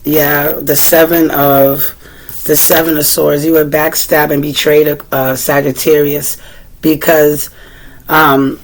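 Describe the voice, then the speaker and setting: A woman with a Boston accent giving a casual tarot reading, chatting freely and asking the cards questions aloud, often clearing her throat. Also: low-pitched, little pitch movement, takes it slowly, a little hiss or hum, rough recording. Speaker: tarot reader.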